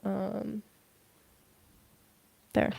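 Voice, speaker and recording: A woman's voice: mid-range voice, completely flat delivery, drawn-out words, creaky, mellow, dry recording. A young woman giving a casual livestream tarot reading, rambling with many fillers. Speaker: tarot reader.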